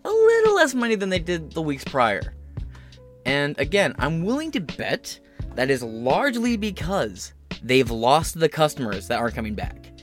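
A podcast host with a slightly high male voice riffs sarcastically on a news story. He swears freely and wanders off on tangents. Faint music plays softly behind him. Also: huge pitch swings, normal speed. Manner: sarcastic, profane and rambling. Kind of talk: opinionated news commentary.

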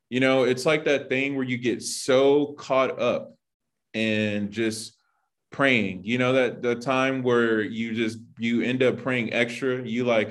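A man's voice: medium pitch, fairly even intonation, moderate pace. Chatty, conversational male preacher. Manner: conversational, full of "like" and "you know". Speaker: Bible teacher. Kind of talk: informal sermon.

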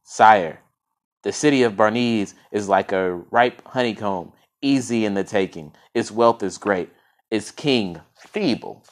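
Scheming royal minister, read by a man, wheedling, low voice, storybook tale. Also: unhurried, natural voice. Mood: sly.

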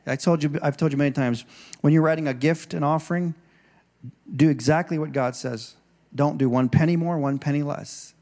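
A man's voice: on the high side, steady tone, moderate pace, darkish tone. A male pastor preaching a sermon in a church, conversational and digressive, with restarts, and acting out scripture voices with rising emphasis.

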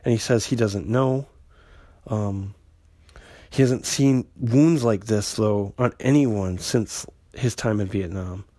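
A man's voice: on the low side, takes it slowly, dark tone, dry recording. Chatty man recapping a comic. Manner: conversational, lots of fillers and restarts, paraphrases characters loosely. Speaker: comic book podcast host.

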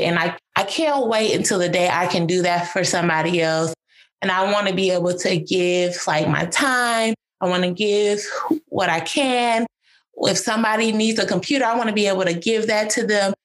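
Speaking at a normal speed in a steady, lowish voice, this woman guest recounts how a prayer of hers was answered. The telling is emotional, casual and meandering, and it's packed with "like".

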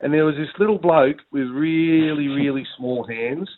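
A man's voice: fairly high pitch, moderate pace. A man, a cricket coach and co-host, telling a teasing story on radio. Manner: teasing, anecdotal. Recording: tinny phone line.

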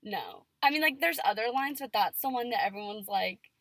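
A woman's voice: a little high, expressive, normal speed, a bit bright, no room sound. A woman reading fan fiction aloud on a casual podcast, giving the dialogue playful emphasis and chatting between passages.

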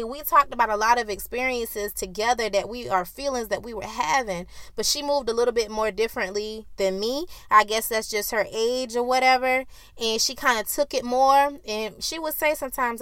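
A woman hosting a solo podcast, telling a story in a heated, profane way and acting out arguments loudly. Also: fairly high pitch, no echo. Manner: acts out quoted arguments loudly. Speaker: podcast host.

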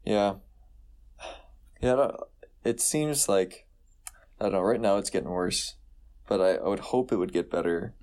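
A man's voice: lowish voice, moderate pace, pauses often, a little mellow. A young man co-hosting a casual podcast, laid-back and joking, with a lot of filler words. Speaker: podcast co-host. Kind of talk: casual chat.

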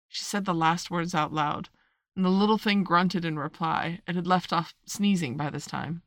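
A woman narrating a storybook in a measured, expressive read-aloud manner. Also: on the low side, no echo. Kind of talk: storybook reading.

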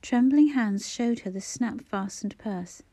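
A woman reading a novel aloud in measured, scripted narration. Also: a little high, mellow. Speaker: audiobook narrator.

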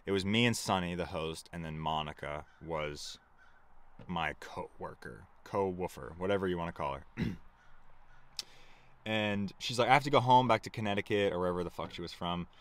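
A man's voice: low voice, moderate pace, a bit bright. Rambling, profane young man telling a story. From United States. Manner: rambling, profane, laughs at himself. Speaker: vlogger. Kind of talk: casual storytelling to camera.

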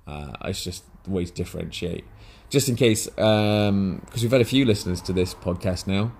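A man with a very low, deep voice co-hosts a casual podcast. He rambles and hesitates, filling gaps with ums and starting over mid-sentence. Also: normal speed, creaky, a little mellow, slight background noise. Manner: rambling, hesitant, many fillers and restarts. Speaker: podcast co-host.

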